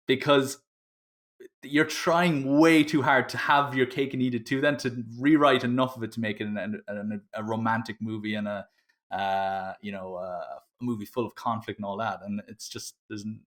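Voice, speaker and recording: A man's voice: medium pitch, steady tone, moderate pace. Rambling man in casual film talk. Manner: rambling, trailing off quietly. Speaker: podcast co-host. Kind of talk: casual discussion.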